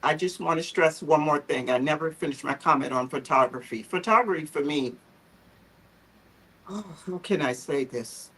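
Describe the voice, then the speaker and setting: Husky, emotional woman telling her story. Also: sits low, moderate pace, a bit bright, low-quality recording. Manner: heartfelt, emotional, earnest. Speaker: founder of a photo therapy group, guest. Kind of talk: livestream conversation, personal story.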